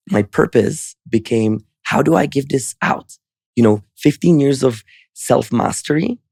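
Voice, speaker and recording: A man's voice: mid-range voice, creaky, a little mellow, no room sound, clean studio sound. A man, telling his story earnestly and reflectively as a podcast guest. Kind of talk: storytelling interview answer.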